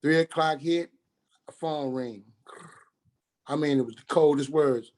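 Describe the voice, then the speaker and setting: A middle-aged man, telling his own story on a radio show, halting and restarting as he acts out what others said. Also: on the high side, darkish tone. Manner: halting, repeats and restarts, quoting others in dialogue.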